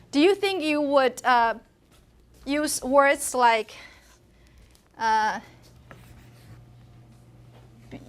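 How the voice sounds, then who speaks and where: A woman teaches a university phonetics class, with a high-pitched voice. She moves back and forth between English and Mandarin. She demonstrates tones and vowels by voicing them out loud. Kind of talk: classroom lecture.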